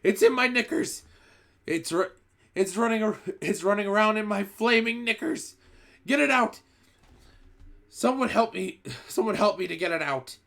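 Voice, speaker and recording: A man voicing a frantic adult male cook who yells and shrieks in panic. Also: high-pitched, animated, moderate pace, creaky, pauses often, voice pushed up, full character voice. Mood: panicked. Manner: frantic yelling.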